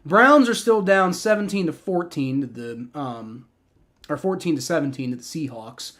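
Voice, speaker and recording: Young guy streaming a football game reaction, kinda high voice, excitable, rambles and swears a lot. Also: moderate pace. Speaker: livestream host. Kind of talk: live game reaction and play-by-play.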